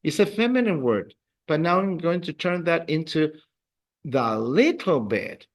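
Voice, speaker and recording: A man's voice: fairly high pitch, very animated, a little slow. A man teaching a beginner Spanish class, patiently repeating words and phrases for his learners. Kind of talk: beginner language lesson.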